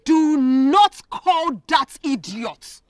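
A woman's voice: sits high, expressive, very slow, dry recording, heavily acted. An actress with a Nigerian accent playing a defiant wife who talks rudely and insults those around her. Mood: scornful. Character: defiant young wife scorning her husband. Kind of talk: Nollywood film acting.

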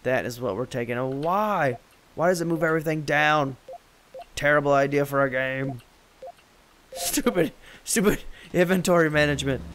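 A man's voice: mid-range voice, normal speed, long pauses, fairly bright tone, slight background noise. A man giving let's play commentary, swearing and yelping in frustration as he plays. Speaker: gameplay commentator.

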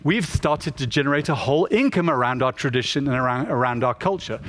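A man giving a public talk as a photographer, telling stories in an animated way and acting out the people he quotes. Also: medium pitch, brisk.

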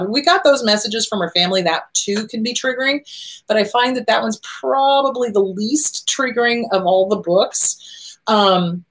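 A woman's voice: on the high side, moderate pace. A middle-aged woman therapist hosting a show, talking casually and animatedly, often acting out the voices she quotes. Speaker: therapist host. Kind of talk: casual advice talk.

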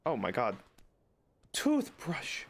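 A young man streaming a game, chatting excitedly and joking with his chat. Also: medium pitch, slow pace. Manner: excitable, jokey, talks to chat. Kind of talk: casual gameplay commentary.

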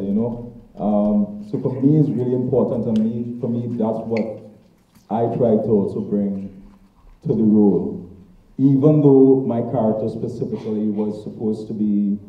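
Thoughtful low-voiced man on a tinny far mic. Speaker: voice actor on a panel. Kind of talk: festival talkback answer. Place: cinema auditorium. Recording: tinny, distant, echoey.

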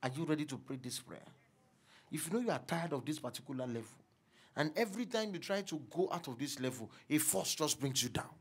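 A man's voice: fairly high pitch, lively intonation, quick pace, slightly rough. A man, a pastor leading a church congregation in fervent, repetitive prayer. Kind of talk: sermon prayer session. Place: church hall.

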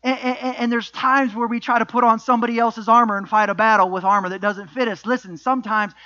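A man's voice: extremely high pitch, fairly even intonation, fast, sharp tone, highs cut off. A middle-aged man preaching a sermon as pastor, emphatic, with repeated refrains and rhetorical questions.

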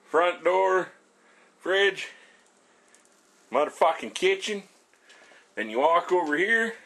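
Swearing constantly and rambling in a blunt, casual ranting vlog, a middle-aged man cooks and shows off his small house. His voice is on the high side with a fairly bright tone.

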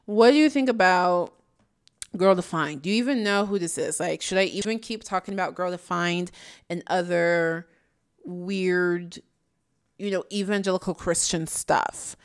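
A woman's voice: on the low side, unhurried, clear, resonant tone. A woman hosting a casual commentary video, chatting in a sassy way and laughing often. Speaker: YouTube commentary host. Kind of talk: casual chat.

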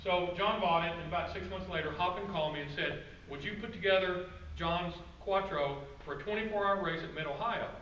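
A man giving a guest-speaker presentation to a club audience, telling stories in a relaxed, conversational way with asides to the crowd. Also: high voice, fairly quick, hardly any pauses. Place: meeting room with an audience. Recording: roomy, distant, faint background noise.

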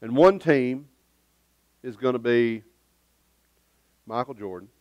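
A man's voice: mid-range voice, slow pace, a little mellow, no echo. A man preaching a sermon as pastor in a church, emphatic and conversational, with joking asides. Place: church sanctuary.

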